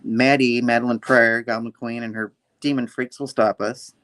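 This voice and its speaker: A man's voice: mid-range voice, flat delivery, moderate pace, a bit bright, close to an everyday voice. A man voicing a defiant young woman villain who is dramatic and indignant.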